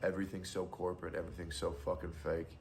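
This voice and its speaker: A man's voice: low voice, little pitch movement, fast talker, gravelly, darkish tone, slight background noise. A young adult man streamer giving casual, blunt and profane commentary.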